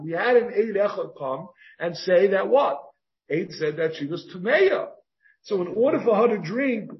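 A man with a fairly high voice leads a Talmud lecture as its rabbi. He reasons out loud, circling back with rhetorical questions. The recording is muffled and lo-fi. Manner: thinks aloud with repeated rhetorical questions. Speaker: rabbi teaching a Talmud class. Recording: dull lo-fi recording.

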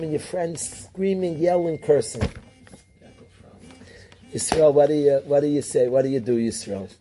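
A man teaching a yeshiva class in a lively way, calling on students by name and mixing Hebrew and Yiddish terms into his English. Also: on the high side, moderate pace, crowd noise. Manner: animated, calls on students by name. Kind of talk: classroom lecture.

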